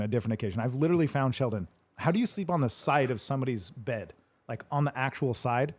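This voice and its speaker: A man's voice: medium pitch, fast, darkish tone. Laughing, rambling man telling a story. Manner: rambling, laughs often, swears casually. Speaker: host answering live questions. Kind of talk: casual storytelling chat.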